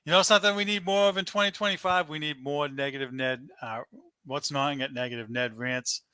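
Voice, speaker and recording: A man's voice: a little high, steady tone, fairly quick, bright, forceful tone, clean tone. A man co-hosting a casual sports talk show, teasing and laughing a lot.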